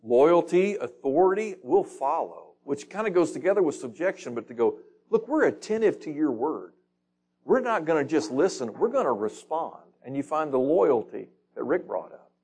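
A man's voice: fairly high pitch, very animated, normal speed, a little mellow, breathy edge. A man leading a Bible study, reading scripture aloud and putting questions to the group in a casual, conversational teaching manner.

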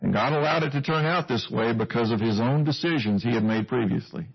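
A man's voice: medium pitch, a little fast, vocal fry, breathy edge. A male preacher giving a sermon, teaching earnestly and putting questions to his listeners, on a dull lo-fi recording.

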